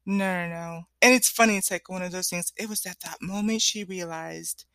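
Animated, laughing woman vlogger. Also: on the low side, moderate pace, no echo. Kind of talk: casual chat.

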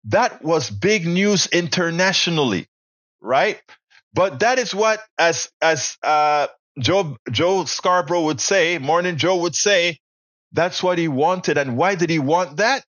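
Male podcaster, slightly high voice, dry close mic, casual chatty intro. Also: lively intonation, slow, fairly bright tone, no echo. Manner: conversational, with fillers. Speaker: podcast host. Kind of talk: casual commentary.

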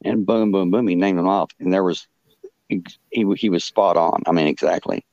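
Deep-voiced man telling a halting story. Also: fairly even intonation, darkish tone, dry recording, dull audio. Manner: halting, full of "you know" fillers and restarts. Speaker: podcast guest. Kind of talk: casual storytelling.

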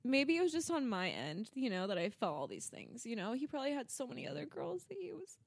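Young female co-host, high-pitched, tearful and rambling, dry recording. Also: big pitch swings, fast talker, creaky, no room sound. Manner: tearful, confessional, filler-heavy. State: crying. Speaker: podcast co-host. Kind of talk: casual chat.

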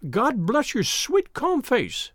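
A man's voice: sits high, very animated, normal speed, dry recording, studio quality. A man voicing a frightened, tearful old female housekeeper in a pleading, trembling way. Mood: overjoyed, tearful.

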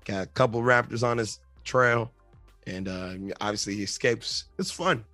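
Rambling, excitable podcast host, a man. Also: medium pitch, normal speed, dry recording, faint music behind. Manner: rambling and enthusiastic, with many fillers. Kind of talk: casual movie review.

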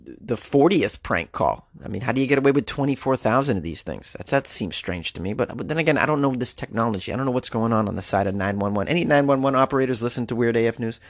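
A man hosts a comedic news podcast, reading odd stories and cracking wry asides between them. His voice sits at an ordinary pitch and stays loose and conversational. The recording is close and dry. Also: dry recording. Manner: wry, joking, riffs on stories. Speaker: podcast host.

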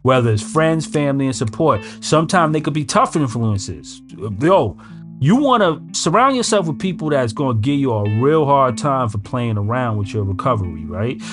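A man's voice: medium pitch, lively intonation, moderate pace. A man giving blunt, emphatic recovery advice in casual street slang. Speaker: recovery speaker. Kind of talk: casual motivational talk. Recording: music in background. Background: guitar music.

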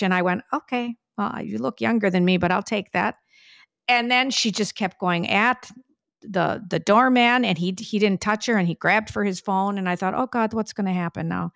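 Chatty mother with a gravelly voice. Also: medium pitch, moderate pace, dry recording, studio quality. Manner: chatty storyteller, animated retelling. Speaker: podcast co-host, mother. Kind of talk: casual family podcast chat. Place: New York City.

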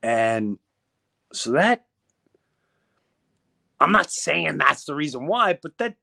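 Middle-aged man telling a lively story. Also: on the high side, takes it slowly, vocal fry. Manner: animated, acts out quoted voices, many restarts. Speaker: comedian guest. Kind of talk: casual storytelling.

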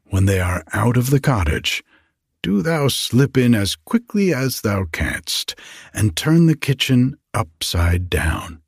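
A man voicing a solemn old wise man who gives measured, old-fashioned instructions. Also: mid-range voice, sing-song, gravelly, breathy edge, no echo, clean studio sound, full character voice. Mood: instructing.

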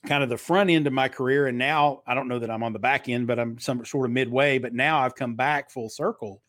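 A man's voice: mid-range voice, steady tone, fairly quick, fairly bright tone, dry recording, clean studio sound. Middle-aged man with a slight Kentucky twang. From Eastern Kentucky. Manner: practiced broadcaster delivery, long flowing answers. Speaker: guest, author and marketer. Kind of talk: casual interview.

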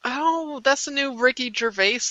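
A man's voice: very high voice, unhurried, bright, forceful tone, dry recording, muffled recording. A man co-hosting a podcast in casual chat, making dry, joking comebacks. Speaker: podcast co-host.

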